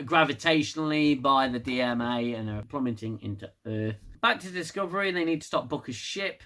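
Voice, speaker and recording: A man's voice: fairly high pitch, fairly bright tone. A British man casually recapping a TV episode with sarcastic, laughing asides. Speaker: TV episode reviewer.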